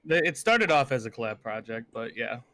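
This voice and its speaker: Laid-back young man, bright voice. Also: mid-range voice, big pitch swings, fairly quick. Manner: laid-back, playful, bursts into hype shouting. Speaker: guest, gaming community founder. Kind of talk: casual chat.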